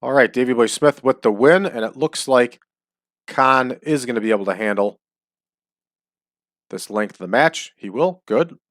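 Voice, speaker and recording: A man talking casually over a wrestling booking game, with chatty asides and drawn-out hype calls. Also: mid-range voice, fairly bright tone, no echo, clean studio sound. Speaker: wrestling sim game host.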